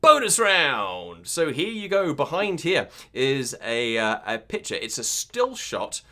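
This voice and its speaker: Lively, bright-toned British quiz host. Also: male voice, mid-range voice, unhurried. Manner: upbeat, teasing, reads out viewer answers. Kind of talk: online pub quiz hosting.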